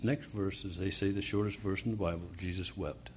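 A man preaches, reading scripture and explaining it haltingly with fillers and restarts, then climbing toward fervent emphasis. His voice is deep, with a steady, darkish tone, and a faint hiss or hum runs underneath.

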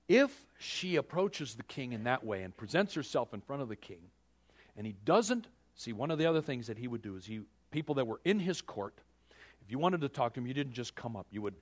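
A male preacher giving a sermon with animated storytelling, speaking straight to his listeners. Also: mid-range voice.

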